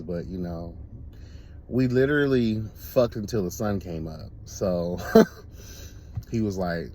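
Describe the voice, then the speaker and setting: A man hosting a casual talk show, telling stories in a camp, animated way and laughing often. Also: low voice, slow pace, pauses often, slight background noise. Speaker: host. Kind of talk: casual storytelling chat.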